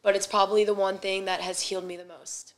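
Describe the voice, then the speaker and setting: A woman's voice: mid-range voice, little pitch movement, fast talker. A young woman speaking earnestly as a podcast guest, spiritual and heartfelt, often repeating her phrases. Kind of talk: heartfelt conversation.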